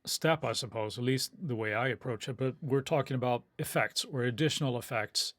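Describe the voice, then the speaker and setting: A man co-hosting a podcast, relaxed and joking, who wanders a little as he makes his points. His voice sits at a middle pitch. The sound is dry and close. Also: brisk, no echo. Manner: laid-back, joking, meandering. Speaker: podcast co-host. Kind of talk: casual chat.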